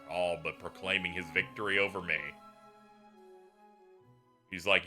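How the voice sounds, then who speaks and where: A man livestreaming a game, reading its story text aloud dramatically and breaking in with excited reactions. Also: sits low, a little slow, long pauses, faint music behind.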